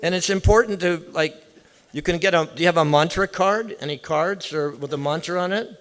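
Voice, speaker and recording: A visiting speaker gives an informal devotional talk in a temple hall, chatting with his listeners and putting questions to them directly. His voice is on the high side, brisk, and fairly bright.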